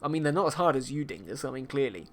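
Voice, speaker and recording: A man's voice: mid-range voice, animated, quick pace. A man from England, chatting casually with his livestream viewers, teasing and swearing with a laugh. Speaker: streaming artist.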